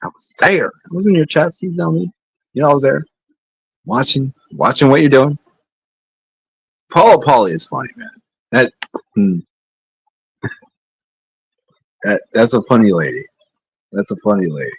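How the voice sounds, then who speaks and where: Middle-aged male streamer, husky and rough-edged, loose rambling chat with lots of pitch movement. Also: animated, normal speed, pauses often, dry recording, low-quality recording. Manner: laid-back, rambling, sighing, joking asides. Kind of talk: rambling casual livestream chat.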